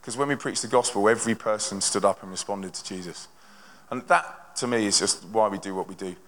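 A young member of a touring Christian band gives a live testimony to a congregation in a church hall, speaking briskly in a fairly low voice. He's energetic and conversational, restarting often, and the large venue adds long hall reverb.

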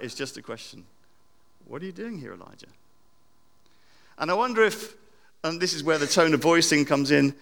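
Preacher, man: reflective sermon, loud then hushed, bright tone, echoing church hall. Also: fairly high pitch. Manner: reflective, with repeated phrases and wide swings from loud to hushed. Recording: long church reverb.

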